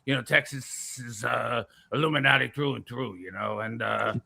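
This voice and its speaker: A man doing an impression of a gruff conspiracy radio host who boasts and pushes his products, with a gravelly rumble in the back of his throat. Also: fairly even intonation, moderate pace, a crowd in the background. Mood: boastful.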